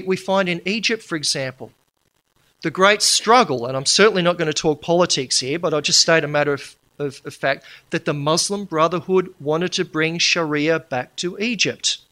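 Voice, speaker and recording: A man addresses a live audience in a lecture. His voice sits a little high and rings bright and forceful. He drives his points home emphatically and slips in dry, humorous asides. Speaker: public speaker.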